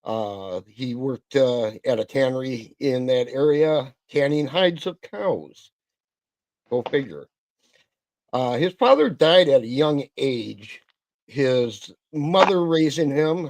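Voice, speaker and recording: Middle-aged Wisconsin host, slow, stop-start delivery, a bit higher voice, dry close sound. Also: male voice, darkish tone, no room sound. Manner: halting, lots of fillers and self-corrections. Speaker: host of a livestream. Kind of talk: casual livestream chat.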